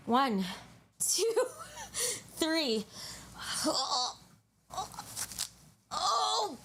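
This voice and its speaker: A woman's voice: very high-pitched, vocal fry, pushed and bright, a little hiss or hum. A woman hosting a casual livestream, talking to her chat in a crude, joking, bubbly way, sometimes out of breath. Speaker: livestream host.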